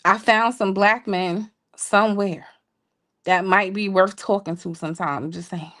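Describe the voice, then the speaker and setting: A woman co-hosting a show, telling a story in a casual, playful way with laughing asides to listeners. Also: moderate pace. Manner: animated, jumps high when quoting people. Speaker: podcast co-host telling a story.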